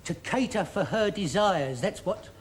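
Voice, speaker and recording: A jittery flea-ridden slave. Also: male voice, high-pitched, animated, measured pace. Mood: fretful. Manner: flustered and stammering, gossipy. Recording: noisy old TV studio tape with audience laughter.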